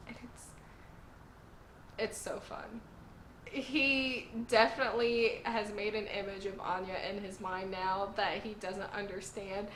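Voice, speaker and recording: A woman's voice: medium pitch, a bit bright, echoey room, a little hiss or hum. A woman reviewing a manga series in casual chat, giggling often and saying "like" a lot. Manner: giggly, enthusiastic, says "like" a lot.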